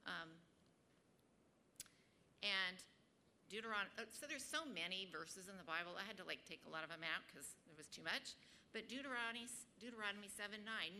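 At a Bible study group, a woman shares her personal faith testimony and teaches scripture in a chatty way, full of ums and little laughs at herself. Her voice is medium-pitched and bright, with lively intonation, a forceful tone and normal speed. There's slight background noise.

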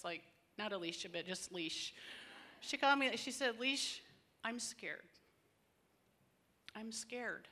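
A woman with a high, bright and forceful voice gives a personal testimony talk about grace to a group of women. She tells her own story in an earnest, conversational and emotional way.

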